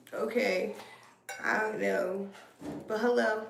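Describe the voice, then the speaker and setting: A woman's voice: medium pitch, steady tone, extremely slow, creaky, recorded from a distance, a little hiss or hum. A woman hosting a tarot live stream in casual chat, greeting viewers and laughing often. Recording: roomy echo over loud music.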